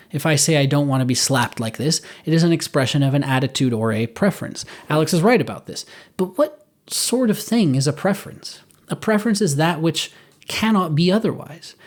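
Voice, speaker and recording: Earnest man reasoning through philosophy. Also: a little high. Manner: earnest, reasoning aloud, self-correcting. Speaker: video essayist. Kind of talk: scripted philosophical monologue.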